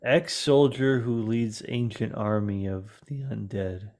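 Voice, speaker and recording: A man's voice: on the low side, slow, darkish tone. A man co-hosting a podcast, chatting casually with sarcastic jokes and casual swearing. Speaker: podcast co-host. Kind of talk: casual chat.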